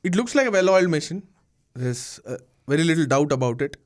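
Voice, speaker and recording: A man's voice: on the high side, big pitch swings, brisk. A man hosting a casual cricket debate, challenging and teasing the panelists.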